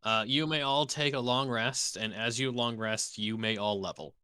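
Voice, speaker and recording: A man running a tabletop game as dungeon master on a live stream, unhurried and halting, with frequent fillers. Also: mid-range voice, steady tone, bright, forceful tone, smooth, no echo, studio quality.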